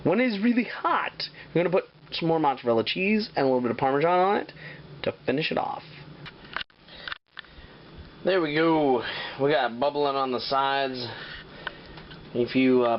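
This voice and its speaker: A man's voice: medium pitch, normal speed, pauses often, muffled recording, a little hiss or hum. A man hosting a casual home cooking show, swearing and joking as he talks. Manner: profane, joking, rambling. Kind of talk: casual cooking demo with crude jokes. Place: home kitchen.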